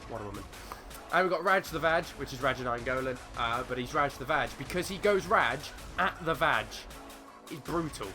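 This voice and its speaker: A man hosting a football management game video, rambling and joking between lineup talk and swearing freely. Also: medium pitch. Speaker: gaming channel host. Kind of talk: casual let's-play commentary.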